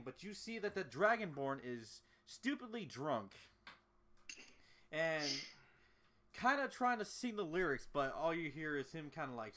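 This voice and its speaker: A man's voice: on the high side, fairly bright tone. Casual man narrating as game master. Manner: casual, loose, with fillers and restarts.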